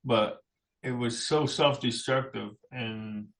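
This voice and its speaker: A man's voice: medium pitch, steady tone, slow pace, vocal fry, fairly bright tone. A middle-aged man, a musician guest in a radio studio, tells personal stories in a rambling, anecdotal way with frequent chuckles. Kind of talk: personal storytelling in a radio interview.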